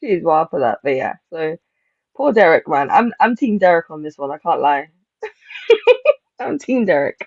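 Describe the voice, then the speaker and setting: Gravelly woman, rambling reality-show review. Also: sits low, moderate pace, long pauses, dry recording. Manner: animated, rambling, laughs while acting out quotes. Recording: slightly dull lo-fi mic.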